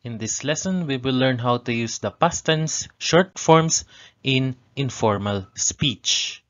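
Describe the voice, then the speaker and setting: A man at a middle pitch explains grammar to beginners, step by step. He repeats example phrases slowly and leans on their intonation. The recording is somewhat dull and lo-fi. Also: expressive, a bit bright. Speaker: Japanese language tutor.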